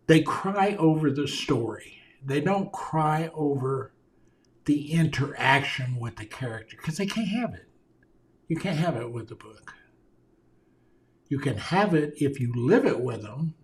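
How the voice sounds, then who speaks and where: Slow, earnest man speaking to camera. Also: on the high side. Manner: earnest, emphatic, repeats key phrases for stress. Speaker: communication consultant. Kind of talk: direct-to-camera video talk. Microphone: camera mic, speaking to viewers on video.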